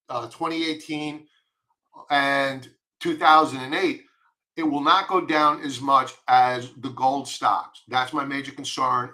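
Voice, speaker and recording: Bright, blunt Long Island man. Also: fairly high pitch. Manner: blunt, emphatic, repeats warnings. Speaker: market commentator. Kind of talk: stock chart commentary.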